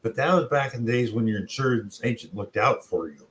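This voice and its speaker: A man's voice: medium pitch, brisk, a bit bright, a little hiss or hum, low-quality recording. A middle-aged man co-hosting a casual chat, telling anecdotes and acting out what others said. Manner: chatty storyteller who acts out quotes. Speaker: co-host.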